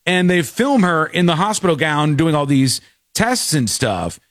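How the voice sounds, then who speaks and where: A podcast host tells a story in casual chat, voicing the people in it with shifting voices. He has a fairly high, expressive, fairly bright voice at a measured pace, recorded in studio quality with no room sound.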